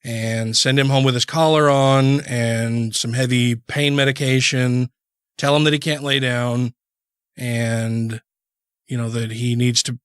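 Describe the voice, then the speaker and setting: A man's voice: medium pitch, little pitch movement, measured pace, a bit bright, clean tone, no echo, clean studio sound. A man co-hosting a podcast, telling a long story casually, full of restarts and "you know"s. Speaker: podcast co-host.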